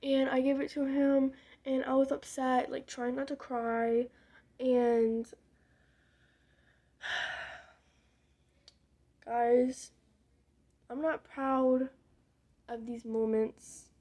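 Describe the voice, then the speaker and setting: A woman's voice: high voice, flat delivery, drawn-out words, pauses often, darkish tone. A young woman telling a rambling, candid story in casual vlog style while doing her makeup, with muttered side remarks. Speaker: vlogger.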